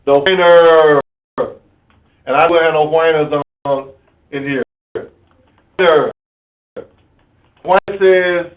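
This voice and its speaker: A man with a high voice lectures as a corporate trainer, stressing and repeating his points. The sound is thin and tinny, like a phone line. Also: fairly even intonation, slow, long pauses. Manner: emphatic, repeats key phrases, acts out examples.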